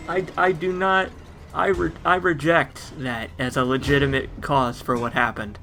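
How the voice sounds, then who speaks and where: A man's voice: a little high, flat delivery, normal speed, vocal fry, sharp tone, slight background noise. A man giving casual let's play game commentary with wry, joking asides.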